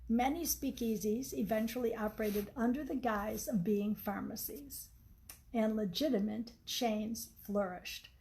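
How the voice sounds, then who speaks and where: A woman reading aloud from her own book in a measured, explanatory way. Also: a little high, mellow, a little hiss or hum, rough recording. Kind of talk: storybook reading.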